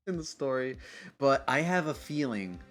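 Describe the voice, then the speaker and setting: A man's voice: medium pitch, expressive, measured pace, fairly bright tone, faint music behind. A man streaming a video game, chatting casually and playfully, giggling often. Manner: giggly, playful, silly voices.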